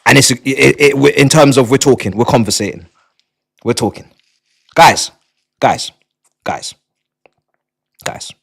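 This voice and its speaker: A man, chatting live on stream to his viewers, excitable, repeating and stumbling over words, sometimes shouting. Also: unhurried, vocal fry, long pauses, slightly rough. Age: 20s. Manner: shouts in bursts, then drops to low mutters. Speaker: livestreamer.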